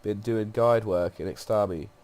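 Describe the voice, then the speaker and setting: With a lowish, steady, slightly mellow voice close to how he normally talks, a man reads at a moderate pace. He has a cold and a little nasality, voicing a tough, restless woman guide's game dialogue in a raised voice as a plain reading.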